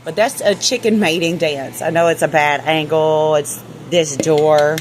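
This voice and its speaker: A woman's voice: deep voice, fairly even intonation, a little slow, soft background music. A woman vlogging casually in her backyard, nervous and swearing as she talks to her chickens. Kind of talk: casual chat. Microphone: handheld phone camera.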